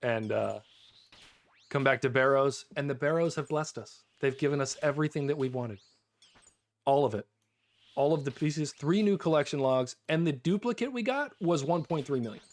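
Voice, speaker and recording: An excitable American man talking through a live game stream. His voice sits a little higher than most men's, and he repeats himself and breaks into laughs as he talks. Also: moderate pace.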